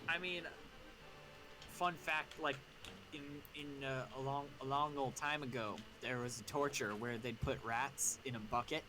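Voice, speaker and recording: A man's voice: medium pitch, steady tone, unhurried, music in the background. A man co-hosting a game stream, chatty and jokey, wandering into tangents and fun facts. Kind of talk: casual gaming chat.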